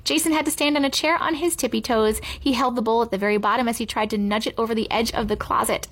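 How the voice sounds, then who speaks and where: A woman reading a children's book aloud, giving the characters animated voices. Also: on the high side. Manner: animated character voices, slow expressive delivery. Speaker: reader.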